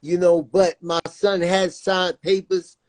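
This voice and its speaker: A man with a slightly raised pitch speaks with earnest, repetitive intensity as an interview guest, leaning on "you know what I'm saying". The recording is dry and close, with no room sound around him. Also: level tone, takes it slowly, dry recording. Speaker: guest, father of a jailed son. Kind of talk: emotional interview talk.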